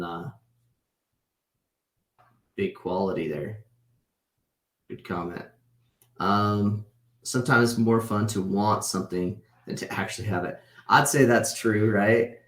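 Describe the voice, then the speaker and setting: Pausing often at a measured pace, a thirtysomething man lectures a casual online class over video call in a low, steady voice. He keeps it loose and conversational, checking in with students by ending points with "right?". A roomy echo colors the sound.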